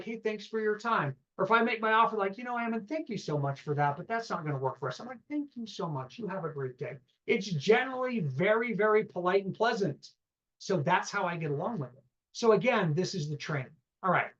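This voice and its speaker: High-voiced guy teaching a seminar, quick and animated, acts out phone calls, kinda muffled lo-fi sound. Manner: asks the room questions. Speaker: real estate trainer.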